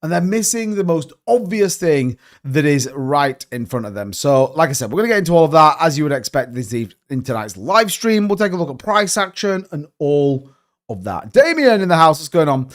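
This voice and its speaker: A man's voice: fairly high pitch, sing-song, normal speed. A man hosting a casual crypto livestream, chatty, greeting viewers by name and swinging between upbeat bursts and muttering.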